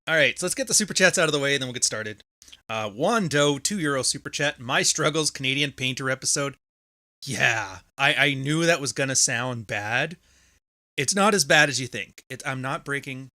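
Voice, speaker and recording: A man's voice: mid-range voice, expressive, normal speed, bright, forceful tone. A man hosting a podcast livestream, talking casually and rambling as he reads out viewer messages on a close microphone. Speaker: podcast host.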